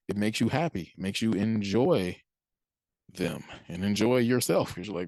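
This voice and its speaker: A deep, darkish male voice delivers a brisk, conversational talk on Christian faith, with no echo in the audio. The speaker often chuckles and dramatizes how people react as he moves from point to point.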